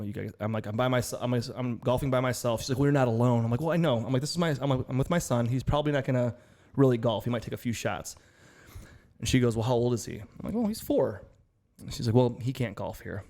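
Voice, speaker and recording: A man co-hosting a casual podcast, telling an animated story and acting out both sides of each exchange. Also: medium pitch, fast talker. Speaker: podcast co-host. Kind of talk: casual chat.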